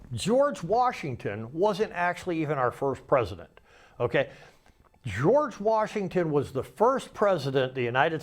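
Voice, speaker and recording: A man in his sixties giving a rambling, folksy monologue as the host of his own show, acting out remembered conversations. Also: a little high. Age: 60s. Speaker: podcast host. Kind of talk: casual political monologue.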